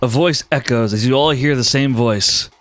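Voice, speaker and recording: A man narrating as game master of a tabletop game, telling it in an animated, dramatic way. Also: mid-range voice, moderate pace, dry recording, soft background music.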